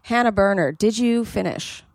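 A woman's voice: medium pitch, normal speed, no echo. A woman hosting a podcast in casual, laughing chat. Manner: laughing, chatty. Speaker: podcast host.

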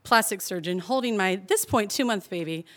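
A young woman telling a personal story to a live audience, chatty and animated, laughing and peppering her talk with "like". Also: medium pitch, a little fast.

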